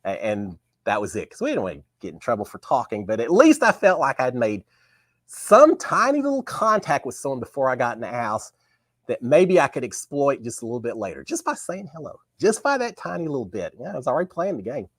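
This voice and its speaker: Lively man telling a story. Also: medium pitch, a little fast, dry recording. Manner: animated, acts out remembered dialogue. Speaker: host of a live talk show. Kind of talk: casual storytelling.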